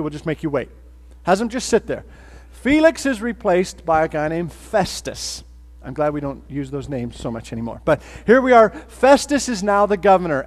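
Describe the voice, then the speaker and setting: A man preaching a sermon as pastor, in a casual, joking way with fillers and restarts. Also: sits high. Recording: long hall reverb.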